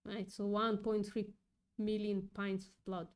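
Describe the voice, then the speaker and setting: Woman, livestream host, unhurried delivery, angry and shaken, frequent profanity. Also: mid-range voice, flat delivery. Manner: upset, swears often, thinks aloud. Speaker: livestream host reading chat. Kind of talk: casual livestream commentary.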